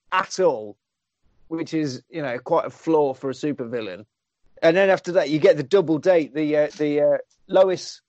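A man's voice: fairly high pitch, a little mellow, no echo, dull audio. A man recapping a film in a casual, exasperated, sarcastic way.

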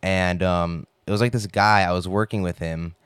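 A man's voice: deep voice, steady tone, normal speed, a bit bright, smooth, dry recording, clean studio sound. A young man rambling in a casual, profane monologue full of filler words.

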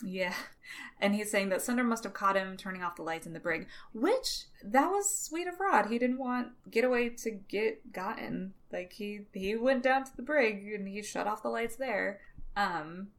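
Woman, mid-pitched, casual podcast chat, animated, playful, recapping a comic. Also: normal speed. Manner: animated, laughs often, playful voices for characters.

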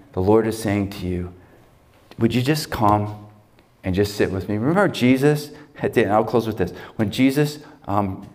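A male pastor preaching a conversational, emphatic sermon in a church, leading into a prayer. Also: a little mellow. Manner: emphatic, conversational, pitch rises when stirred. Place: church sanctuary.

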